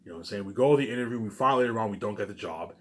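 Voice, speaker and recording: A man pitching his movie ideas in a rambling, casual monologue, stumbling over restarts, repeating stock phrases and swearing now and then. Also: rapid-fire, a bit bright, a little hiss or hum. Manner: repetitive, stumbling restarts, keeps saying "you know what I'm saying" and "obviously".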